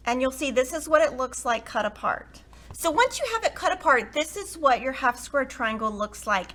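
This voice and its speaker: A woman's voice: fairly high pitch, pushed and bright. A woman hosting a quilting tutorial, chatty and enthusiastic as she explains each step. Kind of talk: upbeat sewing tutorial.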